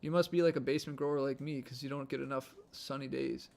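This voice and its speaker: A livestream host speaks from inside his home in a steady, quick, gravelly voice of medium pitch with a darkish tone. His Midwestern American accent comes through as he rambles casually and easily, saying "like" a lot.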